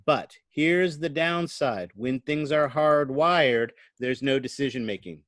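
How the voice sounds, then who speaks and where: A man's voice: mid-range voice, takes it slowly, fairly bright tone, dry recording. A man giving a recorded online lecture into a computer microphone, explaining things conversationally and often checking in with "right?". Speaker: college lecturer.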